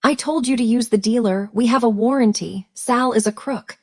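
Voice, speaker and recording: A woman's voice: on the high side, normal speed, a little mellow. A woman voicing a desperate, scheming husband who talks in a frantic, pleading way. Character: desperate scheming husband, man in his thirties.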